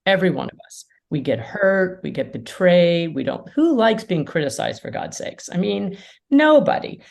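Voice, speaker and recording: A woman mediator and lawyer, a podcast guest, explaining ideas in an animated way and acting out quotes. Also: on the low side, normal speed, vocal fry. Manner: animated storyteller, acts out quotes. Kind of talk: casual conversation.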